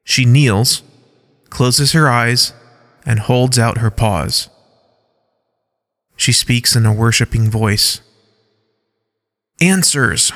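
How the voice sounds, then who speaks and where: A man narrating a scripted audio story in a measured way, reading scene headings and stage directions aloud. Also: medium pitch, steady tone, fairly bright tone, long reverb tail.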